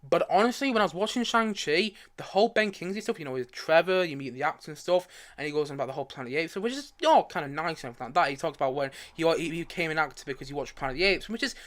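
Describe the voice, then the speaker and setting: Fast-talking chatty male film streamer. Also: on the high side, animated, a bit bright. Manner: rambling and chatty, with frequent restarts and asides while searching for images. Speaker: movie review livestream host. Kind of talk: casual live-stream film chat.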